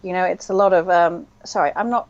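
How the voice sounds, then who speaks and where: A woman's voice: fairly low pitch, fairly even intonation, fairly quick, darkish tone, dull audio. Rambling woman co-hosting a mahjong stream. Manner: rambling, thinks aloud with many fillers. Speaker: stream co-host. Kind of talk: casual chat while playing online mahjong.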